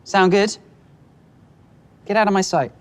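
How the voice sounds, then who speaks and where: A man's voice: high-pitched, a little slow. An actor playing a stern, formal dance studio head with a British accent, laying down the law to his dancers. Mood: commanding. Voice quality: crisp, formal delivery. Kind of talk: TV drama acting.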